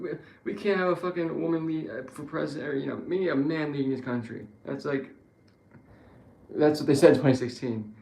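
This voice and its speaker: A man's voice: medium pitch, a little fast, gravelly, echoey room, dull audio. A young man in a casual, rambling rant, swearing often and restarting his sentences. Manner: profane, rambling, frequent restarts and fillers.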